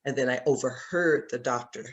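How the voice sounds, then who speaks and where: A woman's voice: very deep voice, moderate pace, lo-fi sound. A woman with a Southern accent leading a Bible study over a video call, telling a personal story in an earnest, storytelling manner. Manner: earnest, storytelling, laughs often. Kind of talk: conversational Bible teaching.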